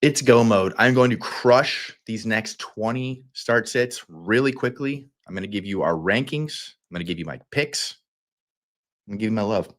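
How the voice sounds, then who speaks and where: A man with a Southern American accent, hosting a fantasy football livestream in a playful, rambling way with quick energetic bursts. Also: fairly low pitch. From Kentucky. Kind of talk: casual livestream talk.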